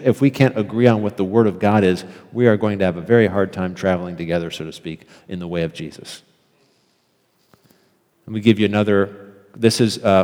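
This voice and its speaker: A man's voice: lowish voice, a little mellow, long reverb tail. A man giving an earnest, emphatic theology lecture and repeating phrases for effect.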